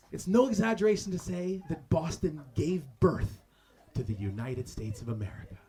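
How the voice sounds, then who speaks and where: A man's voice: mid-range voice, sing-song, moderate pace, mellow. A man from Canada doing stand-up roast insults on a comedy club stage, with crude, mocking punchlines. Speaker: roast battle comic. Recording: noisy live club recording.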